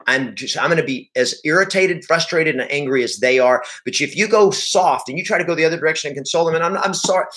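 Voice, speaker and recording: A man leading a live sales training session, energetic and emphatic, repeating key points and speaking straight to his audience. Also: mid-range voice. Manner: addresses the audience directly. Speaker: real estate sales coach.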